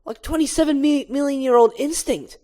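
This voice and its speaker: Lady doing a worked-up little boy bee giving orders in the cockpit, loud and pushy. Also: high voice, a little fast, voice pushed up, lightly acted. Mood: urgent. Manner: urgent, bossy encouragement. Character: earnest young male bee trying to land a plane.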